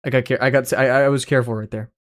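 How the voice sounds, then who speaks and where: A man's voice: mid-range voice, steady tone, rapid-fire. A man streaming live, rambling through casual commentary, swearing freely, joking and laughing often.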